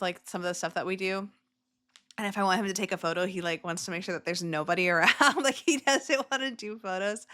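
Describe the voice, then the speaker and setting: A woman's voice: mid-range voice, pushed and bright. A woman hosting a casual reaction video who gushes emotionally over clips, with many filler words.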